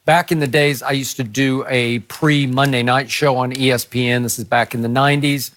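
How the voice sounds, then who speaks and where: A man in his sixties, co-hosting a sports debate show, telling anecdotes in a measured, explanatory way. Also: mid-range voice, steady tone, a bit bright. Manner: measured, anecdotal, lots of murmured "mm" as he listens.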